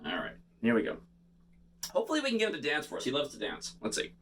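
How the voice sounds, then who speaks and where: Man, kids' bubble show host, playful patter, bright tone, lively pitch. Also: fast talker, slight background noise. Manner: animated, playful, talks straight to kids. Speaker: children's bubble performer.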